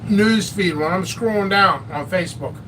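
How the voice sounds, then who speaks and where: A man with a high-sitting voice hosts a casual live stream about peppers and hot sauce, rambling and joking at his own expense. He talks at normal speed, the mic is distant, and the background is noisy.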